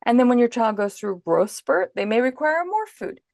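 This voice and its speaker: A woman guest on a podcast, calmly and patiently explaining parenting advice in an instructive way. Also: fairly high pitch, moderate pace, gravelly, dry recording, studio quality.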